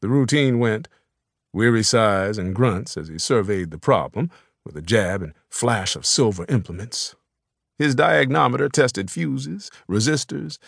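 A man narrating an audiobook in a measured, even storytelling manner. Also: mid-range voice, gravelly, breathy edge, no room sound, clean studio sound. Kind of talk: scripted narration.

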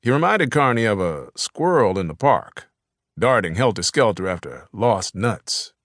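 Man, audiobook narrator, low voice, dry close sound, measured scripted reading. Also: very animated, a bit bright, dry recording.

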